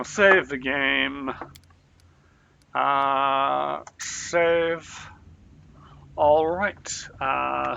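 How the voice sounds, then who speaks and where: Slow, gravelly man streaming a game. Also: mid-range voice, pushed and bright, muffled recording, slight background noise. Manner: meandering, full of ums and uhs. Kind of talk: rambling live stream commentary.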